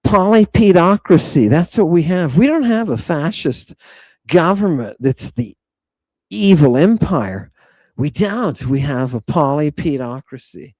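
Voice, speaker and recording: A middle-aged man hosting a live stream, reading viewer comments and riffing on them in an excitable, profane, rambling way. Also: on the high side, a little slow, no echo. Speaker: livestream host reading chat. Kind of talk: casual live-stream chat.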